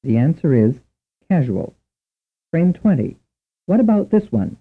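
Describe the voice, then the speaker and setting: A man narrating a language lesson in a measured, lecturing way. His voice moves animatedly up and down as he sets out each drill. The recording is thin and phone-like. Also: a little high, very animated, slightly rough. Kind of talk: scripted instructional narration. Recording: tinny narrow-band recording.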